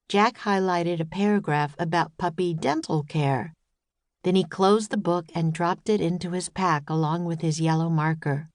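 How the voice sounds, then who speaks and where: A woman narrating a children's audiobook in a gentle, even storytelling manner, close to a studio mic. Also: on the low side, moderate pace, dry recording.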